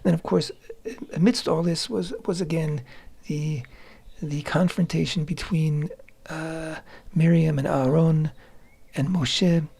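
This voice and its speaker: A man's voice: fairly high pitch, steady tone, slow pace, creaky, darkish tone, breathy edge. A man co-hosting a radio show, explaining a scripture passage in a talky, explanatory way and glossing Hebrew terms with frequent restarts. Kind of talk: Torah commentary talk.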